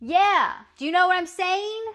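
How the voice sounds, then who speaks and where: A woman's voice: very high-pitched, animated, normal speed, fairly bright tone. An American woman streamer chatting casually with her viewers, playfully trying out clumsy French phrases. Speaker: livestreamer.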